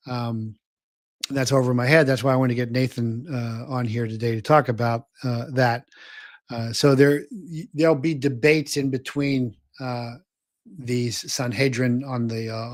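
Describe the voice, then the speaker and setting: A man's voice: mid-range voice, no room sound, studio quality. Older man, rambling livestream host. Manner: rambling, many fillers and restarts. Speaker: show host. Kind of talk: casual livestream talk reading viewer comments.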